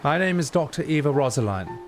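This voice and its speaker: A man voicing a stern, businesslike female doctor in his own lowish voice during a video game playthrough, firm and matter-of-fact. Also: animated, a little fast, natural voice. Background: game music.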